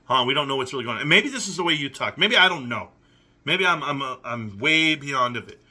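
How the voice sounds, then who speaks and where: A man's voice: medium pitch, animated, a little fast, sharp tone. A young adult man hosting a reaction commentary, reading messages aloud and picking at them with sarcastic, incredulous questions. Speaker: commentary channel host.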